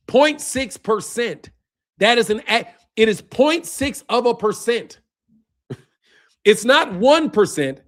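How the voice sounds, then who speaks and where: A young man hosts a boxing livestream in an extremely high, animated, slightly bright voice, speaking slowly. He argues heatedly with chat, combative and ranting, tacking "bro" onto his lines again and again.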